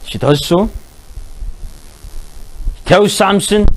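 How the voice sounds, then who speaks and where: A man's voice: sits high, lively intonation, measured pace, low-quality recording. A man preaching a sermon, earnest and full of rhetorical questions.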